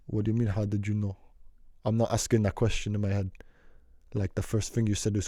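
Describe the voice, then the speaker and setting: A young man in a storytime vlog, talking loosely and full of slang as he wanders and doubles back through his tale. His voice is dark and mellow, and the sound is dry and close. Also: on the low side, monotone, quick pace, dry recording. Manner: slangy, meandering, repeats himself. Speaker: vlogger telling a story. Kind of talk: rambling casual storytime.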